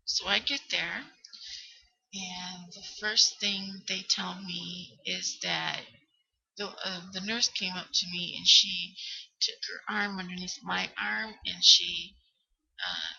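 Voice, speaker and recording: A middle-aged woman vlogging to her webcam, retelling a frightening day in a halting way, full of ums and restarts. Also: on the low side, steady tone, vocal fry, bright, forceful tone, husky, dry recording, highs cut off. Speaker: vlogger telling a personal story. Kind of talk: emotional personal storytelling to camera.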